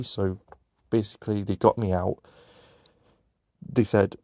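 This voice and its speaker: A man's voice: on the low side, flat delivery, measured pace, creaky, long pauses, warm tone, dry recording, clean studio sound. A young man telling a story in a blunt, casual way, swearing often and stalling on fillers and restarts. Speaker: vlogger.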